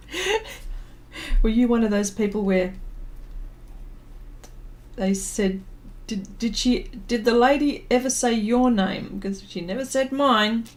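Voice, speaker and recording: A middle-aged woman hosting an art livestream, chatting casually and reminiscing with plenty of fillers while she draws. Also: medium pitch. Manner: rambling, reminiscing, with many fillers and laughs. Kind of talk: casual chat while drawing and reading viewer comments.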